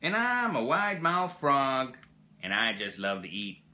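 A cheerful little frog from a children's pop-up book, acted out by an older man, popping up high and loud above the reading voice and bragging with every line, all in a lively, bright sound. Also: measured pace, exaggerated voice. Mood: boastful. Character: boastful wide-mouthed frog, small and cheerful.

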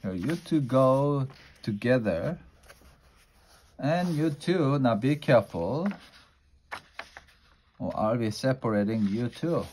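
A man voicing a simple-hearted, literal-minded housemaid in a homey, folksy drawl, a little above his usual pitch. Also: animated, slow, pauses often, darkish tone, slight background noise.

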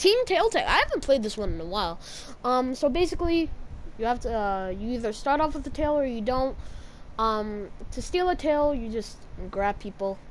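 A woman giving casual, jokey commentary while playing a game, yelping and shouting at the action. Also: on the high side, moderate pace, slight background noise. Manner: excitable, yelps and shouts at the game; jokey, teasing asides to viewers. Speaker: gamer.

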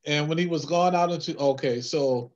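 An easygoing man in a Bible study who laughs often and gives halting explanations of the scripture. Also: a little high, a little mellow, highs cut off. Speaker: church member in Bible study.

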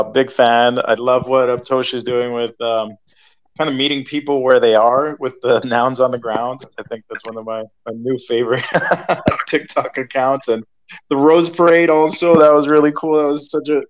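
A man's voice: mid-range voice, rough recording. Man, guest speaker, casual chat, enthusiastic, upbeat, mid voice.

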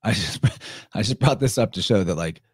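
A man talks through a solo podcast presentation in a relaxed, rambling manner, chuckling often and swearing lightly. His voice sits a little low. The sound is dry, with no room echo. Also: moderate pace, slightly rough. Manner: casual, digressive, chuckling often, mild swearing. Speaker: podcast host.

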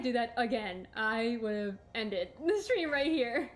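A young woman narrates her own gameplay in a chatty, self-talking way. She throws in dramatic exclamations as she plays. Her voice sits a little above the usual pitch for a woman. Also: lively intonation, moderate pace. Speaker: streamer. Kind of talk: let's play commentary.

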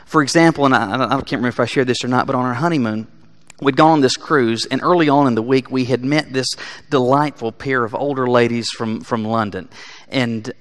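A man preaching a sermon in a church, speaking earnestly and building to emphatic peaks before dropping quiet. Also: medium pitch, a little fast. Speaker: pastor. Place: church sanctuary.

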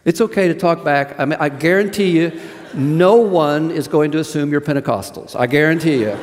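A middle-aged man who is a seminary president preaches a sermon in a fairly high voice at normal speed. His delivery is conversational and folksy, full of stories and asides to the audience, and the recording carries long hall reverb.

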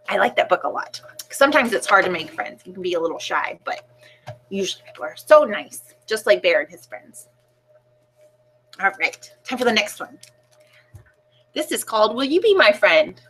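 At a children's storytime, a woman librarian reads picture books aloud in a sing-song, animated way and asks the kids questions. Her pitch is fairly high.

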